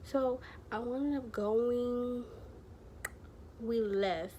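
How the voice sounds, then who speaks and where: A woman's voice: a little high, very slow, dark tone, slight background noise. A woman vlogger telling a personal story to camera, rambling and chatty, full of fillers and slang.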